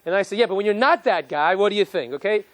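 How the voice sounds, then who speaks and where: A man, a rabbi, giving an animated, joking lecture and quizzing his live audience. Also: high-pitched, quick pace, dry recording.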